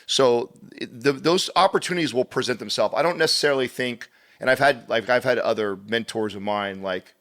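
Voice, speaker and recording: A man's voice: mid-range voice, fairly quick. A man in his thirties, a podcast guest, telling stories in a casual interview and acting out what people said, with casual swearing. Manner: animated storyteller, acts out quotes, swears casually.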